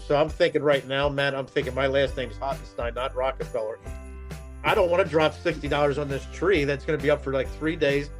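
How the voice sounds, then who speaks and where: A man's voice: medium pitch, steady tone, fairly quick. A man, a show regular, telling a long self-deprecating story in casual chat, rambling and chuckling. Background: faint music.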